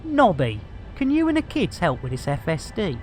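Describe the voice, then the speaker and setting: A man's voice: high-pitched, wildly swooping pitch, normal speed, slight background noise. A man giving comic, theatrical commentary while streaming a game. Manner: jokey, theatrical, stand-up patter.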